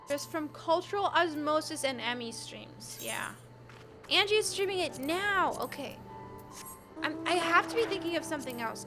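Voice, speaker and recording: A tired young woman streaming a game, chatting to her viewers in a rambling, giggly way. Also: high-pitched. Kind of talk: casual live-stream chat.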